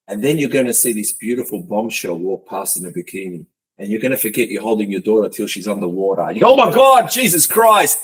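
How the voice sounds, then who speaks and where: A man's voice: fairly low pitch, darkish tone, breathy edge, low-quality recording. A man hosting a podcast interview, telling teasing, joking stories in casual chat. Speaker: podcast host.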